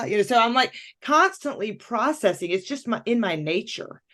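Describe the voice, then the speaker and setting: A woman's voice: mid-range voice, normal speed, hardly any pauses. A woman coach telling a personal story in candid conversation, acting out her own thoughts as she goes. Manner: animated, acts out her own inner voice. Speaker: podcast guest, coach.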